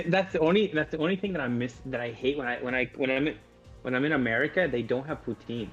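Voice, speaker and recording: A man's voice: medium pitch, quick pace, breathy edge, soft background music. A man co-casting a game stream over a voice call, chatting in an easygoing way. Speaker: esports co-caster. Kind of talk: casual stream chat. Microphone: remote voice call. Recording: dull lo-fi call audio.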